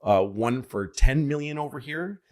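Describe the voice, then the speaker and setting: A man chatting on a comedy podcast, wandering from point to point. He loses his train of thought often and jumps into loud impressions of the people he describes. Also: medium pitch, animated, measured pace. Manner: rambling, loses his train of thought, acts out quotes loudly. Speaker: podcast co-host. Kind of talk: casual comedic rambling chat.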